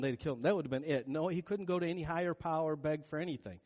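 A man with a fairly high voice preaching in a relaxed, chatty way, telling a story and slipping into the voices of its characters. His words ring out with the long reverb of a large church hall. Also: very fast, few pauses. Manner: conversational, storytelling with acted-out quotes. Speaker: pastor. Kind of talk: sermon.

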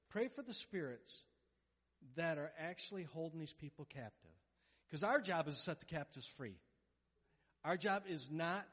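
Pastor, male, somewhat high voice, lively sermon delivery with playful asides, long church reverb. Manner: animated, acts out quoted voices, jokes.

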